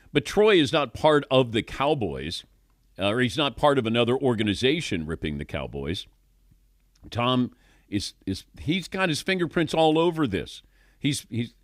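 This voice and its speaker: A man's voice: fairly low pitch, dry recording, clean studio sound. A middle-aged man hosting a sports talk show, chatting casually and laughing often. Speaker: sports talk radio host.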